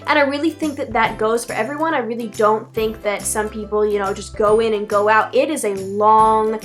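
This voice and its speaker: A teenage girl speaks in a fairly high voice, casual and rambling, correcting herself as she goes. Faint music plays softly behind her advice vlog. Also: fairly even intonation, normal speed. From Philadelphia area, USA. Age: teens. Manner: chatty, rambling, frequent "like" and self-corrections. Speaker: vlogger.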